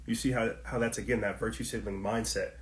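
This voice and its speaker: A man's voice: on the low side, steady tone, fast, reverberant. Heated man preaching on a podcast. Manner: heated, preachy, repetitive, speaks to listeners directly. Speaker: podcast host. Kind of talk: political commentary podcast monologue.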